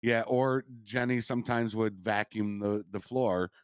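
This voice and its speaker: An easygoing man hosts a relaxed conversation, agreeing readily with his guests. His voice sits on the low side and sounds dry and close. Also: a little slow, clear, resonant tone, dry recording. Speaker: host. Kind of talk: casual chat.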